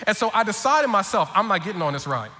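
A man's voice: sits high, fast talker. A man preaching as pastor, telling a comic family story and acting out everyone's lines with lots of energy. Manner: animated, comic, acts out voices of family. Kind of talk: humorous sermon storytelling. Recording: long hall reverb, faint ambience.

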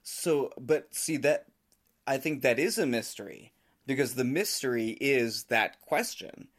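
A man's voice: medium pitch, a little slow. Musing man podcast co-host. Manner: thinks aloud, questioning, musing. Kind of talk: casual conversational discussion.

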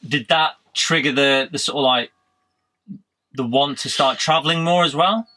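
A man's voice: on the high side, normal speed, sharp tone, rough recording. A man hosting a casual podcast interview, asking short questions and chiming in with brief remarks. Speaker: podcast host.

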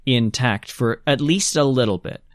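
A man's voice: mid-range voice, moderate pace, no room sound, clean studio sound. A man hosting a casual gaming podcast, explaining things at length with enthusiasm. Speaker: podcast host.

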